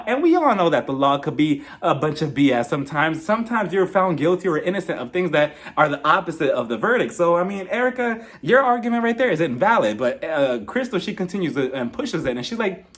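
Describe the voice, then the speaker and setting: A young man with a fairly high, very lively voice recaps a reality show in a casual, gossipy way. He keeps slipping into mock voices to act out what the cast said. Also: a little fast, hardly any pauses. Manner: animated, gossipy, acts out quotes in mock voices. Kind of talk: casual commentary.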